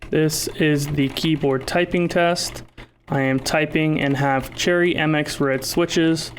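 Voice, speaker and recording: A man doing microphone tests, reading lines in a steady, even way. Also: on the high side, takes it slowly, a little hiss or hum. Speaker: tech reviewer.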